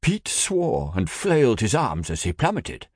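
Low husky male narrator, audiobook, very lively pitch. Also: unhurried, dry recording, clean studio sound.

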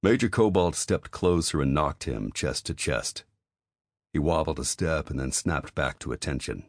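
A man narrating an audiobook in an even, measured reading. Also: extremely low pitch, no echo, studio quality. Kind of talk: scripted narration.

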